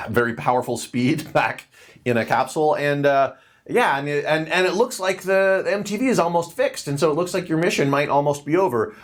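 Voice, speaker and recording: A man running a tabletop game as game master, narrating with frequent laughs and fillers. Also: medium pitch. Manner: giggly, halting with many fillers.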